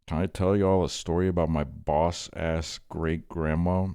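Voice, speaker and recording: Super deep voice, chill twenty-something dude rambling to chat, dry close mic, kinda tired. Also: male voice, fairly even intonation, unhurried, mellow, smooth, no room sound. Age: 20s. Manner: rambling, laid-back, laughs often, talks to chat. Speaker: streamer. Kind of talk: casual late-night stream chat.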